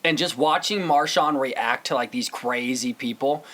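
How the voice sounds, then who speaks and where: A young man co-hosting a casual podcast chat, animated and laughing often, slipping into quick put-on movie voices. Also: mid-range voice. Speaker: podcast co-host.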